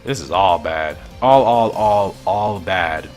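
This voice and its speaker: A man's voice: deep voice, slow, hardly any pauses, faint music behind. A man giving casual commentary while reading through a comic, musing and thinking aloud, at times confused.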